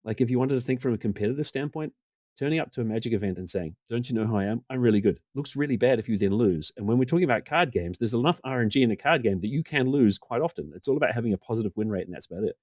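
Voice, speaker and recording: A man in his forties, a podcast guest, telling casual stories in a self-deprecating way and getting animated when he quotes other people. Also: medium pitch, rapid-fire, no echo, studio quality. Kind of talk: casual storytelling interview.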